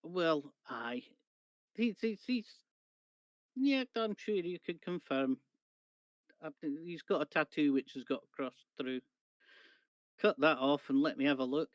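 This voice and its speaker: A man's voice: fairly high pitch, animated, measured pace, long pauses, dry recording. A man with a British accent playing his character in a tabletop game, chatting casually in character. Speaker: player.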